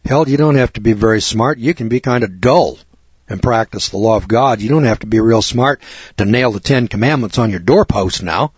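Blunt folksy preacher man, husky voice. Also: on the low side, brisk, no echo, lo-fi sound. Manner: blunt, folksy, crude, punchy. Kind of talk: sermon.

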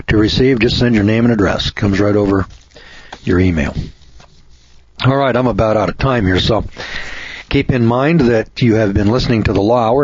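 Ranting husky-voiced male radio host. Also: fairly low pitch. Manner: folksy, ranting, mocking voices. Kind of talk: opinionated editorial monologue. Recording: dull lo-fi radio recording.

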